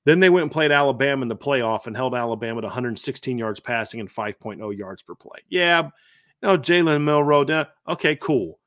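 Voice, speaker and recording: A man's voice: mid-range voice, expressive, brisk, a bit bright. A middle-aged man hosting a sports podcast, animatedly reeling off statistics with frequent restarts. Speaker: podcast host. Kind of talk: sports analysis chat.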